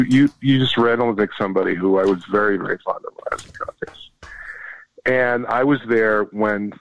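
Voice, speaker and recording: A man's voice: lowish voice, vocal fry, no room sound, lo-fi sound. A man, a former congressman, chatting as a podcast guest and telling jokey stories with asides. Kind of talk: casual podcast banter.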